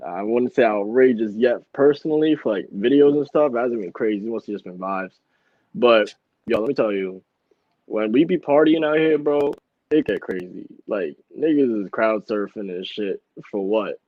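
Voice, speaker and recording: A man's voice: lowish voice, lively intonation, normal speed, no room sound. A man chatting as a rapper on a podcast, laid-back and full of slang, laughing often. The room is dry and dead. The recording is dull and lo-fi. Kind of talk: casual chat.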